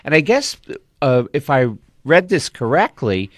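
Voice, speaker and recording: A man's voice: on the high side, very animated, measured pace, no echo, studio quality. A man co-hosting a movie talk show, thinking aloud and searching for words as he goes. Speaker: co-host.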